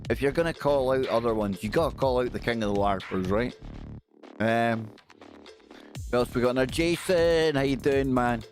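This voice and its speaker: A man's voice: mid-range voice, moderate pace, soft background music. A middle-aged man hosting a casual live stream, greeting viewers by name and joking around.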